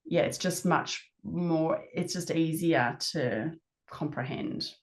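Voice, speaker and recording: Woman host, lower voice, thoughtful and reflective, relaxed chat. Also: slow pace. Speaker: podcast host. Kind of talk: casual chat.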